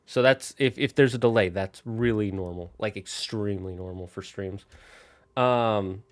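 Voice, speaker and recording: Unhurried and lowish in voice, a man streams a video game while loosely chatting with his viewers. His talk is rambling and casual, aimed right at his chat.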